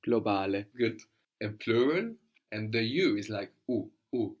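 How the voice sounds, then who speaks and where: A man with a fairly low voice leads a spoken language lesson. He talks patiently and coaxingly, slowing down to model each sound clearly for a student. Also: big pitch swings, highs cut off. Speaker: language teacher.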